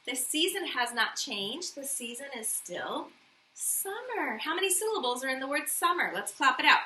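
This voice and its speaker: A woman teaching at an elementary school leads young children through a morning meeting in her classroom, patient as she asks questions and gives praise. Her high voice has a sharp tone and a sing-song lilt at a normal speed. It's recorded from a distance, with roomy echo and a little hiss or hum.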